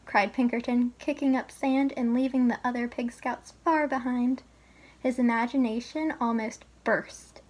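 A woman reading a children's picture book aloud as a teacher, slow and expressive. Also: on the high side. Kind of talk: storybook read-aloud.

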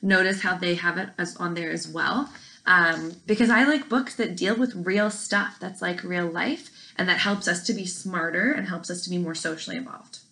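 A woman's voice: on the low side, normal speed, gravelly, bright, forceful tone, low-quality recording. A woman teacher reading a novel aloud to her class in an online lesson, friendly and encouraging.

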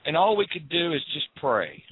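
A man's voice: a little high, big pitch swings, normal speed, husky. A man from the southern United States, a guest on a call-in radio show, telling a personal story earnestly and repeating phrases for emphasis. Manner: earnest, repetitive, quotes people in raised voices. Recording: tinny phone line.

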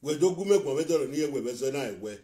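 A man with a Nigerian accent hosting a casual live video chat, talking rapidly and excitably and mixing Pidgin English with his local language. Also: medium pitch.

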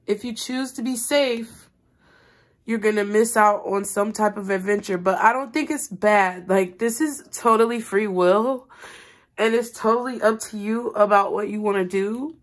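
A woman's voice: medium pitch, measured pace. A woman giving a tarot reading, talking earnestly and directly to her viewers in a rambling, spiritual way. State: crying, voice rising and breaking. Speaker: tarot reader.

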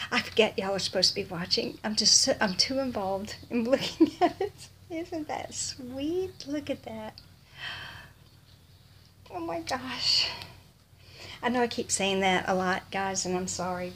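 A woman's voice: mid-range voice, moderate pace, few pauses, fairly bright tone, slight background noise. A woman with a Texan accent, gushing over baby clothes in a casual unboxing vlog, often dropping to a whisper. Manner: gushing, breathless with delight, slips into whispers. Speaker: vlogger.

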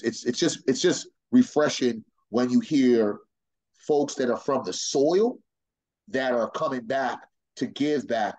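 A man's voice: medium pitch, a little mellow, low-quality recording. A man speaking as a panelist on a video call in an emphatic, street-casual way.

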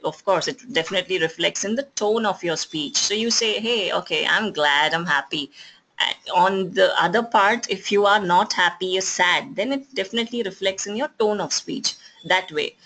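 A communication skills trainer with an Indian English accent, lecturing at an even pace and often pausing on fillers and restarts. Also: medium pitch, rough recording. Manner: explanatory, with frequent fillers and restarts.

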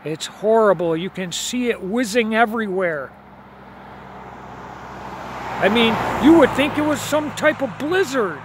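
High-voiced, slow-talking insistent man. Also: expressive, a little hiss or hum. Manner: insistent, repeats himself, stammers on restarts. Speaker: video blogger. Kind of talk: filming outdoors, talking to viewers. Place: outdoors at night by a road. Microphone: phone camera held while filming.

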